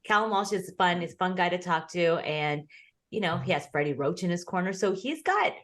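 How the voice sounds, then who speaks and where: A woman co-hosting a boxing talk show with a somewhat low-pitched voice. She chats casually, strings stories together with fillers, and laughs often along the way. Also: lively intonation, fairly quick. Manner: chatty, storytelling, frequent laughter. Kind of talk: casual chat.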